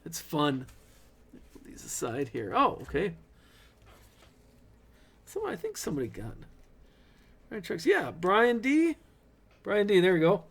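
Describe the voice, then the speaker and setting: Chatty middle-aged man with gravelly voice. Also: sits high, wildly swooping pitch, unhurried, pauses often. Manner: chatty, tells corny dad jokes. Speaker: card break host. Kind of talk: casual live card-break chat.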